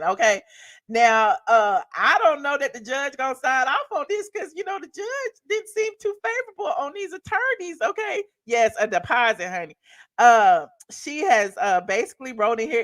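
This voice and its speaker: A woman's voice: fairly high pitch, very animated, moderate pace, a bit bright. Chatty Southern woman livestream host. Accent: Southern American. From American South. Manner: folksy, chatty, reads court filings aloud and explains them. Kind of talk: casual commentary on legal news.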